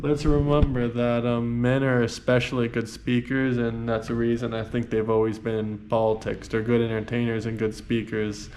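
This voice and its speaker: A man's voice: medium pitch, flat delivery, moderate pace, few pauses, darkish tone, faint music behind. A man reacting to political clips with blunt, scornful casual commentary as the host.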